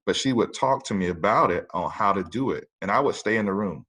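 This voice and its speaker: Earnest man with a lowish voice. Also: lively intonation, brisk, fairly bright tone, breathy edge. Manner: earnest, speaks from personal family experience. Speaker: guest. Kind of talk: casual conversation.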